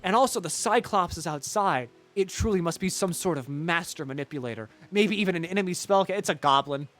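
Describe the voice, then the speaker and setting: A young man streaming a game, retelling its story with animated, sarcastic and profane commentary. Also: high voice, fairly quick, soft background music. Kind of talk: casual gameplay commentary.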